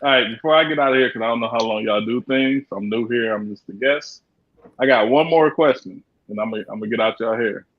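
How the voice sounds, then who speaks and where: A man's voice: mid-range voice, fast. A man guest in a casual chat, laid-back and teasing, with loose slangy talk. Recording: dull lo-fi audio.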